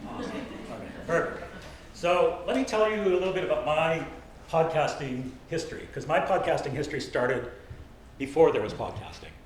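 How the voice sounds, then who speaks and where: A man's voice: a little high, moderate pace. A man in his sixties from Canada, giving a chatty, anecdotal talk about podcasting to a live audience at a library event, polling the room and poking fun at himself. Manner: chatty, anecdotal, self-deprecating, polls the audience. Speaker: podcasting workshop presenter. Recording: very echoey room, light background noise.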